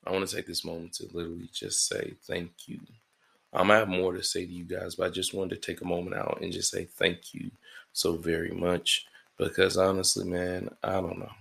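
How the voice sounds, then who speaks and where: A man's voice: deep voice, completely flat delivery, a little fast, creaky, a bit bright, breathy edge. A man hosting his own podcast alone in his apartment, rambling, swearing freely and running himself down, sleepy and yawning early in the morning. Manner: rambling, profane and self-deprecating. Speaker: podcast host and stand-up comedian. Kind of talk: casual solo podcast monologue.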